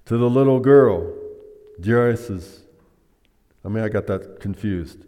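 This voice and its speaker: A man's voice: fairly low pitch, takes it slowly, warm tone. A man preaching a sermon, teaching by asking the congregation questions. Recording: long hall reverb.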